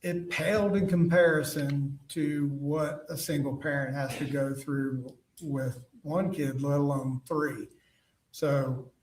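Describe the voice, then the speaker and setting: A man giving witness testimony in court, telling his story haltingly with lots of fillers and restarts. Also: mid-range voice. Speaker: trial witness. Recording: roomy, distant courtroom mic.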